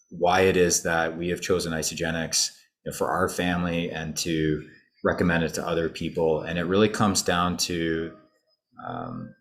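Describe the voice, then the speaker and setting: Deep-voiced man presenting, full of fillers. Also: fairly bright tone. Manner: loose and conversational, many fillers and restarts. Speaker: presenter of an online info session. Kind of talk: live webinar presentation.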